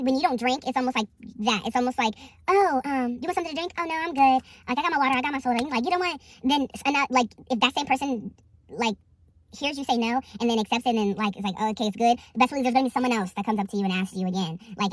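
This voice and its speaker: A woman's voice: a little high, no room sound. A woman giving a candid, casual weight-loss update, rambling frankly with lots of fillers and restarts. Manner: animated asides and repetition for emphasis.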